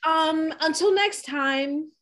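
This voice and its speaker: A woman's voice: sits high, takes it slowly, a bit bright. A woman co-hosting a podcast in casual chat, effusive and laughing often. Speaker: podcast co-host.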